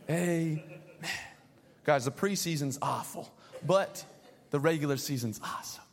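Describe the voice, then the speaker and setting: A young adult man preaching a sermon as pastor, telling a story with animated, playful asides. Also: on the high side, measured pace, long pauses. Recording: long hall reverb.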